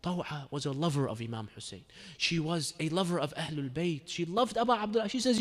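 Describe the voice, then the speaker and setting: Guy giving a sermon, dramatic storytelling, bit high voice, big echoey hall. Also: expressive, fairly quick. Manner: dramatic storyteller, sometimes breaks into mournful chanting. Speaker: religious speaker. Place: community religious center hall. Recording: echoey hall with long reverb.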